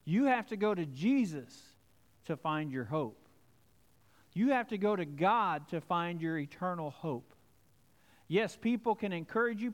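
A pastor delivers a sermon in a somewhat high voice. He moves between hushed, intimate passages and rising, emphatic ones. His voice rings out with a long reverb, as in a large hall. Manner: dramatic, swings between soft and emphatic.

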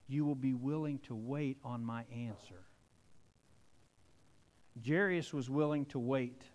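A man preaching a sermon, swinging between hushed and emphatic delivery. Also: medium pitch. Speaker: pastor. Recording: long hall reverb.

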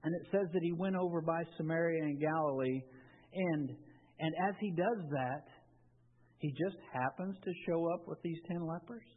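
Man, sermon, husky, slightly high voice, conversational, restarts phrases, tinny phone-like sound, long reverb. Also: moderate pace. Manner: conversational preaching with repeated restarts. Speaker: preacher.

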